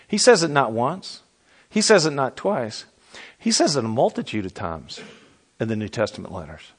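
A middle-aged man preaching a sermon as pastor, animated and repetitive, asking the audience questions. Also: a little high.

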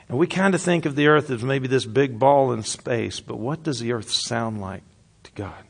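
A man delivering a sermon with earnest conviction. He swings between raised, emphatic lines and hushed, nearly whispered ones. His voice sits at an ordinary middle pitch. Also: normal speed, gravelly, husky. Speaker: pastor.

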